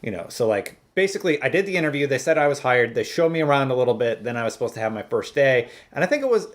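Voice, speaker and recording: A man co-hosting a casual chat show, telling a story in an animated way and laughing as he retells it. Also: mid-range voice, rapid-fire. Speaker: co-host.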